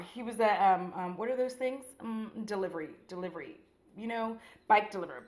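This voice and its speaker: A woman's voice: medium pitch, a little fast, a little mellow, reverberant, rough recording. A woman beauty vlogger chatting casually while doing her makeup, rambling in a slangy, profane way with lots of "like.".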